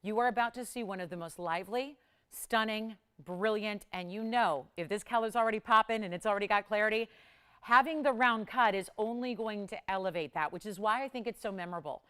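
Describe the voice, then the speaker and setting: A woman's voice: mid-range voice, a little fast, bright, forceful tone, clear, resonant tone. A woman hosting a live TV jewelry shopping show, enthusiastic and repeating words for emphasis. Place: TV studio.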